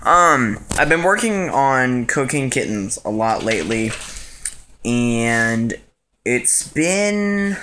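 A man's voice: mid-range voice, pushed and bright. A man, rambling through a casual home vlog with plenty of ums and likes. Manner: rambling, scattered, lots of fillers. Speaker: vlogger. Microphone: action camera.

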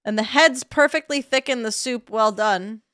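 Woman as a surly mock-British cooking-show judge, high voice, dry sound. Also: normal speed, fairly bright tone, clear, resonant tone, no echo, natural voice. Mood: judging. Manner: mock British accent, clipped and critical. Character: grumpy male celebrity TV chef judge.

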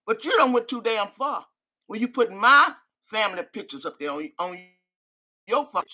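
An older woman runs a live reaction stream, reading chat comments before launching into an angry, profane rant. Her voice sits on the high side, husky and sharp-toned, very animated at a moderate pace.

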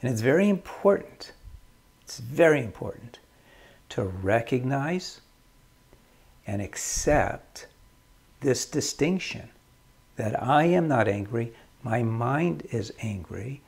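A man giving calm, measured advice on marriage, repeating his main points so they sink in. His voice is mid-pitched with a husky edge, and he takes his time over every phrase. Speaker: marriage counselor.

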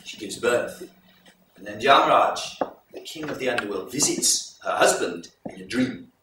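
A man presenting a folk performance, retelling the tale to a live audience in a measured, explanatory way. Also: mid-range voice, animated, background noise. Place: live event hall. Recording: echoey hall recorded from far off.

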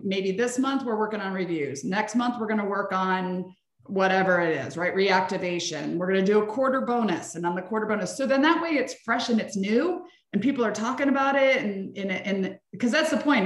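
A woman talking as a guest in a casual conversation, chatty and animated, acting out little scenes. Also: medium pitch, normal speed. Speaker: guest, practice consultant. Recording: echoey room.

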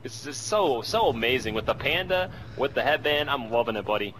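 A man doing joking, exaggerated commentary over a shooter match, cheering loudly at big plays. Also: mid-range voice, animated, fairly quick, slight background noise, low-quality recording. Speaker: gameplay commentator. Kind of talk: mock commentary over gameplay.

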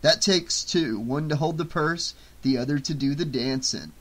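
A man's voice: on the high side, normal speed, fairly bright tone, husky. A man voicing a crude, brash young guy in an audiobook. He talks bluntly and sarcastically, impatient with everyone around him. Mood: scoffing.

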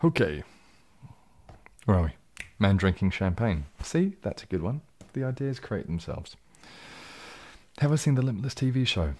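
A man hosting a relaxed, jokey live stream, reading out and answering viewer comments, a little tipsy from champagne and sometimes dropping into a whisper. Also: on the low side, moderate pace. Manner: laid-back and jokey, drifting into soft whispers. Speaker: ASMR channel host.

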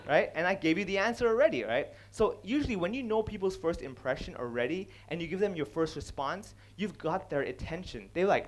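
Animated man on stage, lively pitch. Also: brisk. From India. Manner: animated, acts out other people's lines, laughs at own jokes. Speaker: stand-up comedian giving a talk. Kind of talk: stage talk on comedy, switching between English and Cantonese.

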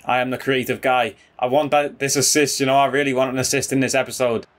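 Excitable gaming commentator, male. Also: mid-range voice, quick pace. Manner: excitable, calls viewers bro and boys. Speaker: gaming YouTuber. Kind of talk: casual gameplay commentary.

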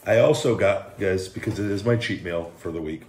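Deep-voiced joking man hosting a food vlog. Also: normal speed, a little mellow, slight background noise. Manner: joking, hyped, self-mocking. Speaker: host.

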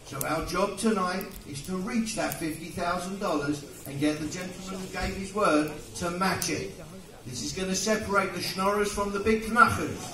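A high, bright-voiced English man running a charity auction, coaxing the room with jokes and quick bid calls. His voice is heard from a distance, bouncing around an echoey hall. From England. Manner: joking, coaxing, rapid-fire bid calling. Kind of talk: live fundraising auction patter. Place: event hall with an audience.

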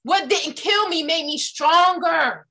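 Bright, high-voiced woman giving a motivational talk. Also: slow pace. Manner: emphatic, asks the audience questions, tells personal stories. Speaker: motivational speaker.

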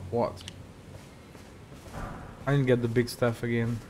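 A man's voice: mid-range voice, flat delivery, takes it slowly, background noise. Joking man narrating his gameplay. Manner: joking, swears at enemies. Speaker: gaming video creator. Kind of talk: casual gameplay commentary.

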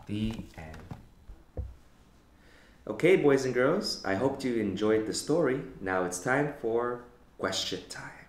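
A man, a kindergarten teacher, reading a storybook aloud to children with expressive storytelling. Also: medium pitch, takes it slowly, pauses often. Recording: roomy echo.

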